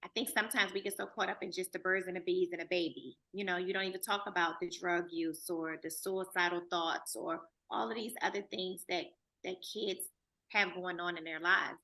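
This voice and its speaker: A woman host guides a casual interview, affirming her guest and asking questions. Her voice is bright and forceful. It sits slightly low in pitch. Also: fairly even intonation, fairly quick, poor audio. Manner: affirming, conversational, asks questions. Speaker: podcast host.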